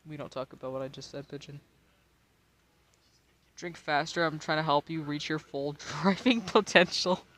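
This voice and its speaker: A man's voice: fairly high pitch, moderate pace, pauses often, pushed and bright, a little hiss or hum. An American man in his twenties, tipsy and rambling in casual, profane chat while streaming a game, laughing often. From United States. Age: 20s.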